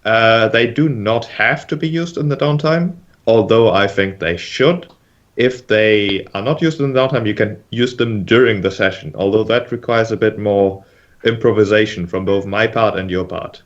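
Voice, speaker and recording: A man running a tabletop game as game master, explaining the rules in a measured, patient way. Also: fairly low pitch, highs cut off.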